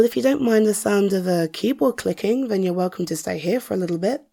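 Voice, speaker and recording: Woman acting out a mum in her 40s, self-assured, teasing, flirtatious, warm mellow voice, drawling pace. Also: medium pitch, creaky. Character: confident wealthy mother, teasing and flirtatious. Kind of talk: listener-directed audio role-play.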